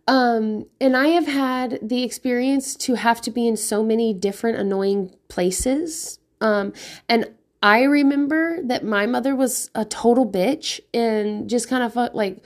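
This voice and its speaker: A woman in her thirties chatting casually about parenting, swearing freely, often laughing and saying "like". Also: mid-range voice. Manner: chatty, profane, laughing, lots of likes. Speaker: parent podcaster. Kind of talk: casual monologue.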